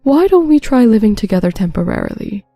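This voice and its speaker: Woman voicing a calm, assured young friend. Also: medium pitch, fast, creaky, no room sound, faint music behind. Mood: reassuring. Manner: reassuring, steady.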